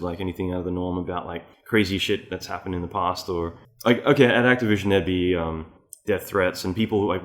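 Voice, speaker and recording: A man with an Australian accent hosting a casual interview, telling rambling, animated stories and swearing freely. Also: low voice. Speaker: podcast host.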